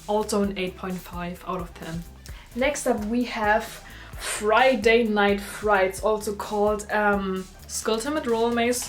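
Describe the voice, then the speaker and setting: A young woman casually reviewing and ranking movies in a vlog, gushing and full of filler words. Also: medium pitch. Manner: gushing, animated, lots of "like" fillers.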